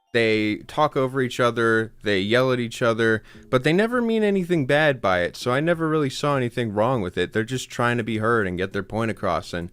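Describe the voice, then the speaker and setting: Guy rambling to camera, mid pitch, lots of likes. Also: fairly bright tone. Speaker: video creator explaining himself. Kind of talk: casual explanation to camera.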